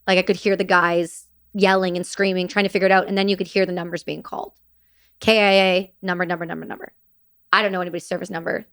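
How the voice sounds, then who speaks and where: A woman who is a military veteran recounts war memories as a podcast guest, speaking haltingly with restarts and blunt swearing. Her voice is lowish, level in tone and a bit bright.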